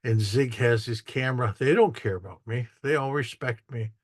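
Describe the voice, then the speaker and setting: A man talks through his photographs in a loose, rambling storytelling manner, often restarting and acting out what people said. His voice sits at an ordinary pitch for a man. The sound is dry and close, with no room echo. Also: normal speed. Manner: rambling, with restarts and acted-out quotes. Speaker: photographer giving an artist talk. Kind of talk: casual storytelling while showing photos.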